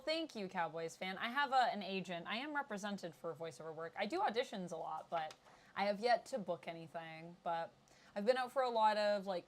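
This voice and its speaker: A woman's voice: mid-range voice, a little hiss or hum. A woman hosting a casual chat, chatty and laughing often. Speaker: podcast host.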